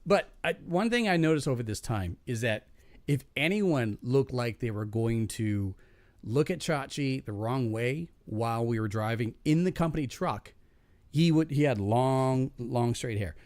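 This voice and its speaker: A man spinning a rambling, profane work anecdote in a casual podcast chat. His pitch swings widely from low grumbles to sudden high bursts, and his voice sits close and dry on the mic with no room sound. He restarts his sentences often and laughs at his own punchlines. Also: animated, unhurried, darkish tone, no room sound.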